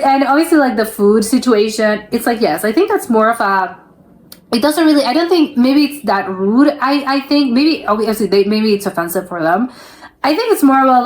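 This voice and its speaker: A young woman from South America hosting a reaction video, giving her opinions in a rambling casual chat full of restarts. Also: medium pitch. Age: young adult.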